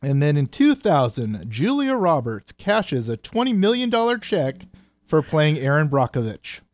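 Earnest man radio co-host, slightly high. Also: big pitch swings, unhurried. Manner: earnest, reads date facts, talks about community. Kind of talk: casual on-air chat.

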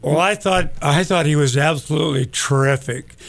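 A man talks in a rough, gravelly voice that sits a little higher than most. He rambles in a folksy way, scattering ums and uhs as he chats as a guest on a talk show. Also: normal speed. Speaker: gun store owner guest. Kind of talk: casual talk radio chat.

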